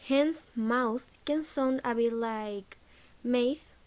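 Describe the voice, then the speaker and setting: A woman reading a presentation on accents, slow and careful, sounding out example words. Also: a little high, fairly even intonation, darkish tone.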